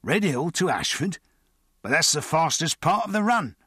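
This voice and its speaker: A man's voice: fairly high pitch, very animated, moderate pace, pushed and bright, slightly rough, no echo, studio quality, voice pushed up, full character voice. A man voicing a wary, astonished railway guard who keeps asking doubtful questions.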